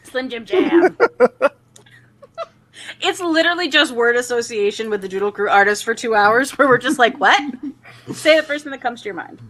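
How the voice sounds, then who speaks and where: Bright, giggly woman chatting. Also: fairly high pitch, animated, normal speed, pauses often. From Pittsburgh area. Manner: giggly, jokey, reads chat comments aloud. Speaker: podcast co-host. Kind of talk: casual chat.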